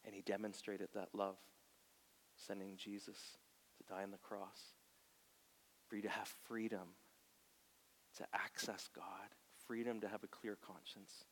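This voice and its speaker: A man preaching a sermon in a church. He moves from soft, near-whispered lines to loud, passionate bursts and acts out quoted voices. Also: fairly low pitch, flat delivery, unhurried, long pauses, slight background noise. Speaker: pastor. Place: church sanctuary. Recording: long hall reverb.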